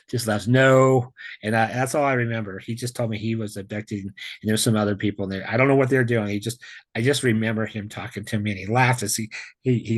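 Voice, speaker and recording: A man casually telling a long personal story on a video call, rambling with many restarts and getting animated when he quotes himself. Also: on the low side, husky. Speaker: guest sharing a near-death experience.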